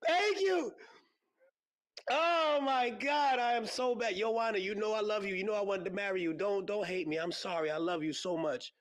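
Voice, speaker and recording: A man hosting a podcast, chatting casually and rambling with lots of fillers and excited exclamations. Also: high voice, brisk, few pauses. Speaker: podcast host. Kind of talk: casual solo podcast chat about combat sports. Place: podcast studio.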